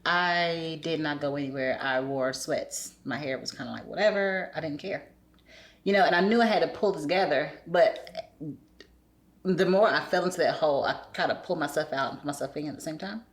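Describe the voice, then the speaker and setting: A woman's voice: deep voice, fairly quick. A woman guest on a podcast, candidly telling a personal story in casual conversation and acting out the voices of people she quotes. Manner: candid, acts out quoted voices with lively shifts.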